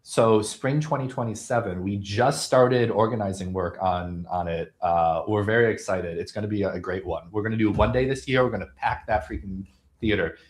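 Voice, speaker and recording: A man's voice: fairly low pitch, normal speed, a little hiss or hum. A man talking as a guest on a live stream from a small office recording studio, friendly and upbeat. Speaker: guest speaker. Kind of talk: casual remote chat.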